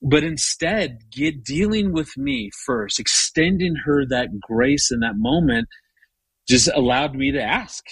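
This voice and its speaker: A middle-aged man telling a story in a casual conversation, animated and full of restarts. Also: medium pitch, a little slow, husky, no room sound. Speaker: guest.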